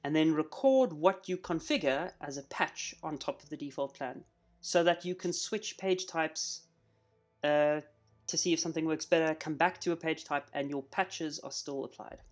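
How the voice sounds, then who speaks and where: A man streaming a live coding session, chatting casually and thinking out loud as he works. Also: on the high side, moderate pace.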